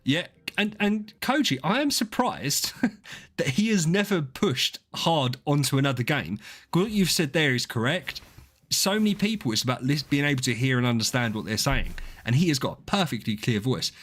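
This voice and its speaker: A man's voice: medium pitch, animated, normal speed, a bit bright. Guy streaming, chatting with his viewers, swears a bit, voice jumps up and down a lot. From southeast England. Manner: chatty, rambling, swears, reads out viewer names. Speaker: game streamer. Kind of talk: casual live-stream chat with viewers.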